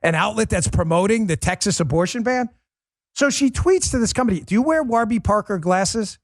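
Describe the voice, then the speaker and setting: Rich: A man with a fairly high voice hosts a political talk show, sarcastic and mocking as he rants. He turns animated, jumping up in pitch when mimicking others, and the sound is close and dry, as from a studio mic. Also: brisk, no room sound. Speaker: host.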